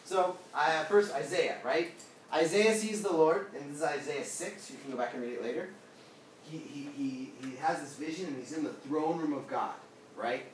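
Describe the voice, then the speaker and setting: A man with a slightly high voice gives a casual Bible talk to a small group, throwing questions to the room. He acts out quotes with lively bursts of voice. He is recorded from across a very echoey room with a faint hiss behind him. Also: moderate pace. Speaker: pastor. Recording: echoey room, mic at a distance.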